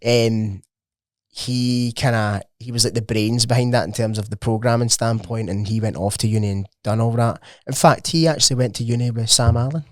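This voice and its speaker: A man's voice: mid-range voice, moderate pace, no room sound, studio quality. A young Scottish man chatting casually as a podcast guest, rambling with plenty of "like" fillers and swearing. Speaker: podcast guest, gym owner. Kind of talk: casual chat.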